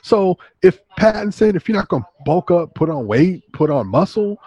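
A man in casual conversation about a movie, talking in a relaxed, drawn-out way that trails into restarts. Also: sits high, breathy edge, no echo, dull audio.

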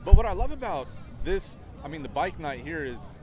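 A man being interviewed outdoors at a motorcycle meetup, talking in a relaxed, chatty way with easygoing swearing. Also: a little high, moderate pace. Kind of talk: casual interview.

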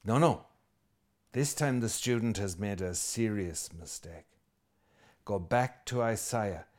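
Irish priest preaching a lively sermon. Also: male voice, fairly low pitch, measured pace. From Ireland. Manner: lively and conversational, with asides and jokes; emphatic, repeating key phrases.

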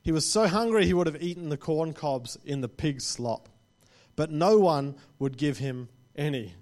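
A male preacher giving a sermon to a live congregation. His voice sits a little higher than most men's, and he talks in an easygoing, conversational way, often tagging his points with a quick question. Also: expressive, darkish tone. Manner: conversational, often tags lines with "right?".

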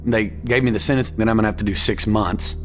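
A young man from with a drawl tells his story in a loose, plainspoken way, filling it with little asides. His voice sits a bit low. Guitar music plays under him the whole time. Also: fairly even intonation, fast talker. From East Texas. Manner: casual, plainspoken, drawling with frequent fillers. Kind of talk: personal story told to a radio show.

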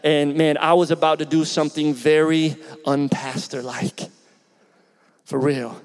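Higher-voiced pastor preaching in a reverberant hall. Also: male voice, measured pace, clean tone. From Philadelphia. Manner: conversational, animated, asks the congregation questions. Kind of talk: storytelling sermon.

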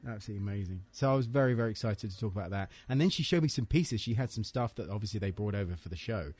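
A man's voice: lowish voice, lively intonation, rapid-fire, a little mellow, husky, no echo. Enthusiastic man hosting a podcast. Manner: enthusiastic, rambling, with fillers. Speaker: podcast host. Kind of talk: casual podcast chat. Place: hotel room with soft furnishings.

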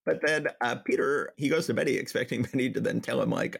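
A man's voice: mid-range voice, quick pace, vocal fry, slightly rough, no room sound, studio quality. A man co-hosting a podcast, casually recapping comic book plots and reading quoted dialogue in a light voice. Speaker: podcast co-host.

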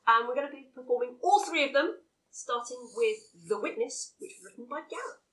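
A woman's voice: high voice, animated, brisk, fairly bright tone, poor audio. A woman introducing the next comedy sketches to the audience. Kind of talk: presenting a live show.

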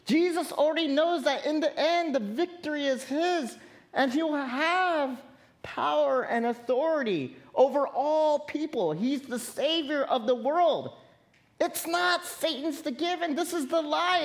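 A woman's voice: high voice, animated, unhurried. A woman pastor giving a sermon in an earnest, conversational way, calling out to her congregation. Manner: earnest, conversational preaching with direct appeals to the congregation.

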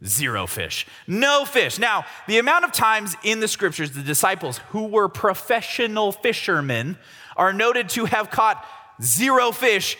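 Young man, youth speaker, jokey sermon, lively pitch, long hall reverb. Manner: jokey, animated, slangy. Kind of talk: comic sermon storytelling.

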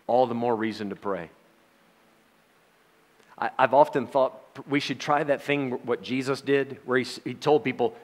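A man's voice: mid-range voice, normal speed, pauses often, in a large hall. A middle-aged man giving a Bible study sermon, talking in a conversational way with rhetorical questions and wry sarcastic asides. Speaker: Bible teacher.

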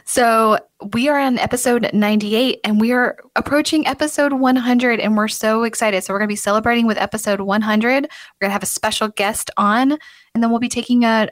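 Woman, podcast host, upbeat, chatty, fairly high voice, dry sound. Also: no room sound. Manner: upbeat, chatty, laughs often. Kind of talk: casual podcast chat.

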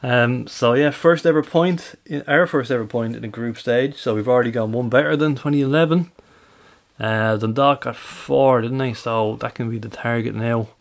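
Sex: man. Role: podcast co-host. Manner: dry, wry, mid-pitched, conversational. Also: normal speed, vocal fry. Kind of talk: casual football fan chat.

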